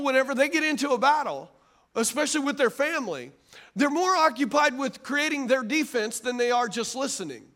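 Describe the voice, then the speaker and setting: A man in middle age delivers a sermon as pastor. His voice sits unusually high for a man. He preaches in a lively, conversational way, often turning to the congregation with asides.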